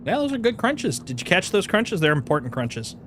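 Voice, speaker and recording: A man, chatting casually on a gaming stream with folksy, drawn-out exclamations. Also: high voice, very animated, a bit bright, slight background noise. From American Midwest. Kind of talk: casual chat.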